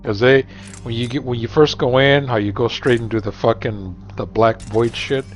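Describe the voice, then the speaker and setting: A man's voice: medium pitch, normal speed. A middle-aged man chatting casually while gaming, rambling and profane, cracking jokes at his friends' expense. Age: 40s or 50s. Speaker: gamer streaming. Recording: dull lo-fi recording, faint music.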